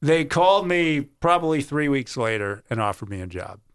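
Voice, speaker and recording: A man's voice: fairly high pitch, normal speed, smooth. A middle-aged man, a sportscaster, telling earnest stories from his career in an interview. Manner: earnest, animated storyteller who acts out quoted voices. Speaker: sportscaster guest. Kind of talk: interview storytelling.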